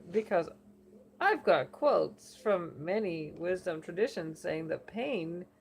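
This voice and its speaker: A woman's voice: fairly low pitch, expressive, slow, gravelly, slight background noise, exaggerated voice. A woman voicing an earnest male author who addresses an oracle in a formal, deferential way. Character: earnest male author seeking wisdom, polite.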